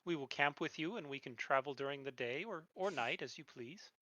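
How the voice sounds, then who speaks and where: A game master voicing a courteous male patrol leader who speaks gently and formally. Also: medium pitch, expressive, fairly quick, no echo, lo-fi sound.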